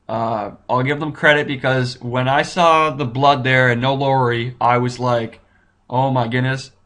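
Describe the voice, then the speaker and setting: Excitable rambling man reviewing a show. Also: medium pitch. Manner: excitable, rambling, thinks aloud with many restarts. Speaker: YouTube TV reviewer. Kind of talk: casual recap commentary.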